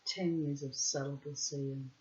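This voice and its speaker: A woman's voice: rumbling low, steady tone, moderate pace, darkish tone. A middle-aged woman telling a personal story in a wry, dramatic, digressive way, with florid wording. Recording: dull lo-fi recording.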